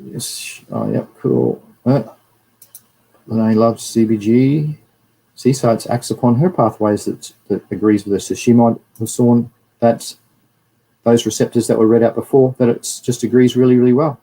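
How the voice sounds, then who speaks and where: A man's voice: medium pitch, normal speed, gravelly, warm tone, slightly rough, poor audio. An Australian man hosting a livestream and giving a casual, rambling talk over slides while greeting viewers. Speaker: livestream host.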